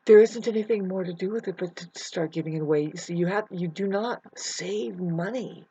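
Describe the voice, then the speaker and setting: A woman's voice: on the low side, moderate pace, warm tone, slightly rough, dry recording. A woman vlogger rambling through a searching spiritual monologue, speaking straight to the viewer and calling them "babes". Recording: muffled lo-fi audio.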